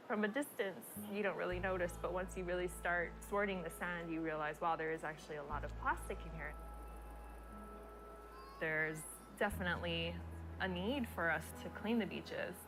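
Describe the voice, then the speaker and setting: A woman's voice: fairly low pitch, fairly even intonation, moderate pace, music in the background. A woman speaking earnestly and reflectively in a public service spot.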